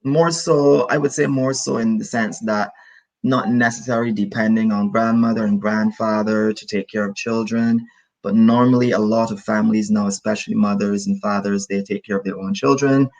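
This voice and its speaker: Gravelly-voiced Caribbean man teaching English. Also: lowish voice, moderate pace, dull audio. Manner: lively, encouraging, repeats key phrases. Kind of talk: online English lesson.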